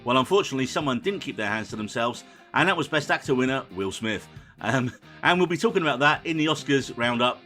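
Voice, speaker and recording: A man hosting a film and TV podcast in casual chat, brisk and teasing as he runs through the rundown. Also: mid-range voice, animated, a bit bright, soft background music. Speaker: podcast host.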